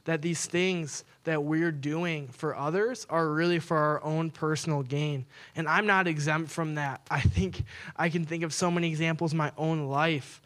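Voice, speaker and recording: A man's voice: fairly high pitch, fairly even intonation, moderate pace, fairly bright tone. A man in his twenties, a pastor, giving a casual sermon with playful storytelling asides. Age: 20s.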